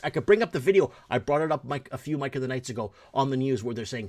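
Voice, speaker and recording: Male host, solo rant, blunt and profane, mid-pitched voice, keeps circling back to his points. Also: lively intonation, fast talker, few pauses, a little mellow. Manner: heated, blunt and profane, repeats himself. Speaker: host of a talk show. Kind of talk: ranting solo commentary.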